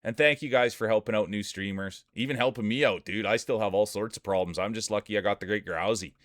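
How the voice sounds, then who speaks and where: A man's voice: fairly low pitch, fast talker, a bit bright, dry recording, studio quality. A man commentating marble races live on stream in a hyped announcer patter, chatting with his viewers between calls. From Canada. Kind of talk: playful sports-style race commentary.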